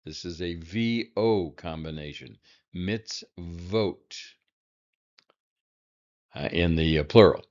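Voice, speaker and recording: A man teaching a recorded language lesson, halting with many fillers and dropping in dry asides. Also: deep voice, a little mellow, dull audio. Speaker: Hebrew teacher.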